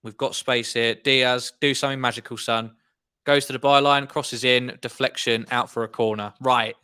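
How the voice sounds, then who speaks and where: Young male host, frustrated fan commentary, bright and punchy delivery. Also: mid-range voice, normal speed, clear, resonant tone. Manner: animated, exasperated fan commentary. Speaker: football watchalong host. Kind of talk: live match reaction commentary.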